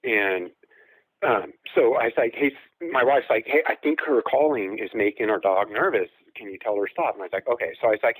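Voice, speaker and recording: A man's voice: lowish voice, a little fast, slightly rough, no echo, low-quality recording. A man telling a long personal encounter story as a guest caller, rambling, with fillers and acted-out quotes.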